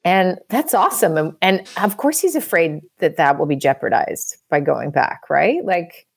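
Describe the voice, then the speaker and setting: A woman with a slightly low voice hosts an advice podcast, coaching a listener in a loose, encouraging way. She talks casually, with frequent fillers and restarts. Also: lively intonation, moderate pace, creaky, slightly rough.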